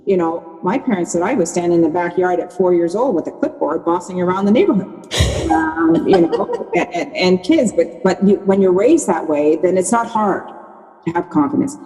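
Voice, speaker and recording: A woman's voice: lowish voice, expressive, normal speed, warm tone, long reverb tail, poor audio. A woman in her sixties, a podcast guest, telling her story candidly and often restarting her sentences. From Canada. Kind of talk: conversational podcast interview.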